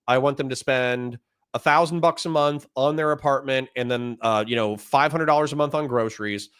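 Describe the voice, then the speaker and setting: A man's voice: mid-range voice, normal speed, a bit bright, clear, resonant tone, dry recording, studio quality. A man hosting a political livestream, ranting in a heated, indignant way, swearing often and then apologizing while he reads chat messages aloud. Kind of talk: casual livestream commentary.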